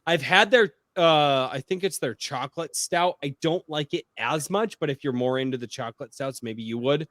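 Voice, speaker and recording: A man hosting a podcast in casual chat, telling stories in an excitable, profane way. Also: a little high, normal speed, no room sound, studio quality. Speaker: podcast host.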